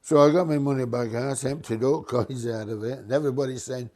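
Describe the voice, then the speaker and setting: An older man, a former bus driver, telling a lively, mischievous anecdote in casual dialect. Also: medium pitch, fairly quick.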